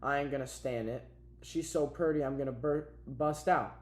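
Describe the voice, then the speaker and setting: A man's voice: medium pitch, normal speed, lightly acted. A man reading as a worn-out farmhand, drawling. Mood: anguished. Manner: drawling rural dialect, anguished. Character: weary middle-aged male migrant farm worker. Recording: roomy echo.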